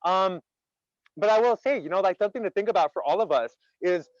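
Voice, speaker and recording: Guy running a laughter workshop on a video call, kinda high voice, says like a lot, dry slightly muffled audio. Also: fairly quick, no room sound. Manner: energetic, asks the audience many questions; chatty, many "like" fillers. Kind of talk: interactive online workshop talk.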